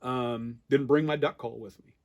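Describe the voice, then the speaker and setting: A man in his fifties with an American accent, telling a lively story in a casual interview and acting out the quoted exchanges. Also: medium pitch, moderate pace, muffled recording. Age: 50s. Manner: animated storyteller, acts out quoted exchanges with laughs. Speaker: duck calling champion guest.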